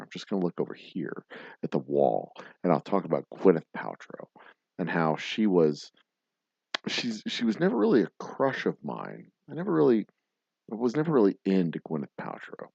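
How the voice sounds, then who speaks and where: A man's voice: deep voice, vocal fry, slightly rough, no room sound, dull audio. A man hosting a drinking livestream show, ranting crudely and laughing in rambling, profane chat. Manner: loud, crude, laughing, tipsy rants. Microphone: webcam livestream setup.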